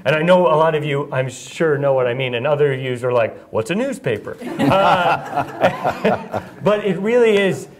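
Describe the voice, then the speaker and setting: A man's voice: on the high side, expressive, measured pace, a crowd in the background. A young man from Iowa, chatting casually on stage as the host, rambling and joking at his own expense. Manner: rambling, self-deprecating, laughs often. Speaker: event host asking questions. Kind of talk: casual onstage chat.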